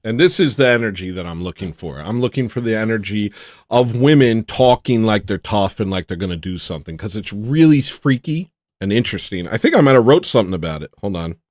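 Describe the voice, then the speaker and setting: A man's voice: on the low side, lively intonation, a little fast, darkish tone, dry recording, studio quality. A man hosting a livestream, chatting casually in a rambling, sarcastic way and mocking what others say. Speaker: livestream host.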